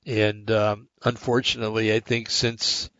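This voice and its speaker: A man's voice: lowish voice, little pitch movement, unhurried, fairly bright tone, no room sound, highs cut off. An older man hosting a podcast, giving a blunt, rambling, opinionated monologue that restarts often. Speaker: podcast host.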